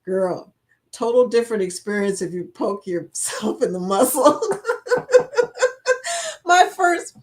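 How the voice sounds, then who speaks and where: A woman's voice: mid-range voice, moderate pace, a little mellow. A woman in her fifties hosting a casual live chat, reading viewer comments aloud, laughing often and playful. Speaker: livestream host.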